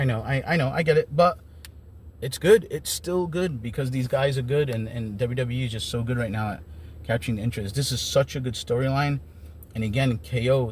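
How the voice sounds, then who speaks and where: A man's voice: medium pitch, a little mellow, a little hiss or hum. Man rambling through a casual recap. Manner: rambling, enthusiastic fan. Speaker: wrestling commentator.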